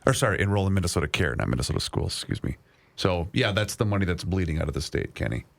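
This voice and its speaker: A man's voice: low voice, animated, fast, vocal fry. A man co-hosting a talk show, reading out figures with dry sarcasm. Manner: reads figures out, dryly sarcastic. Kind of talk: casual chat.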